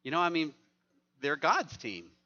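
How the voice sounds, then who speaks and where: A man's voice: on the high side, big pitch swings, unhurried, pushed and bright, dull audio. A man preaching a sermon as pastor, conversational and joking with the congregation.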